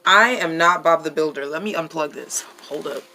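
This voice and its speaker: Blunt, bright-voiced woman vlogger. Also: sits low, moderate pace. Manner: blunt, profane, emphatic. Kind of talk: casual chat.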